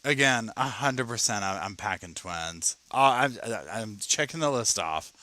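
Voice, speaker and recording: A man's voice: lowish voice, expressive, a little slow, sharp tone, slight background noise. A man hosting a casual livestream, chatting and reading viewer comments as he reacts to a video. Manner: chatty, reads viewer comments aloud, says y'all. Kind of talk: casual live reaction chat.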